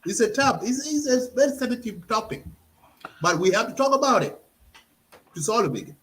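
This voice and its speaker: A man hosting and moderating an online discussion, handing out speaking turns with frequent repeats and pauses. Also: very high-pitched, big pitch swings, a bit bright, rough recording. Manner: halting, repeats words while handing out turns. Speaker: host and moderator. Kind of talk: moderating an audio-room discussion.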